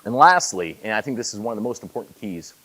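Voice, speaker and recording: Man in his forties, keynote speaker, lively storytelling delivery, pitch swinging widely, self-deprecating humor. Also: fast, rough recording. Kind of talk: conference keynote speech. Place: conference hall.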